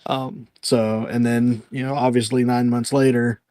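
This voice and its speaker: A young man as a podcast guest, telling a story in animated casual chat with many restarts. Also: medium pitch, a little slow, no room sound, clean studio sound. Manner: animated storyteller, repeats words as he talks.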